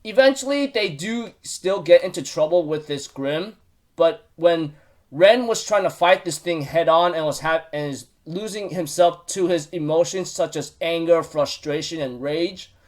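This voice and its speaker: A man with a fairly high voice recaps an episode in a loose, chatty way. He rambles, stumbles through restarts and fillers, and now and then breaks into excited outbursts. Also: unhurried. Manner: excitable bursts of enthusiasm. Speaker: YouTube recap host.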